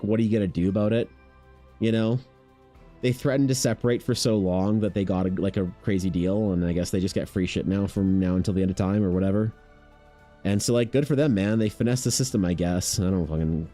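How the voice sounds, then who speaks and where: Laid-back guy, low mellow voice. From Canada. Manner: rambling, heavy "like" filler, profane. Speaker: art streamer. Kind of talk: casual stream chat.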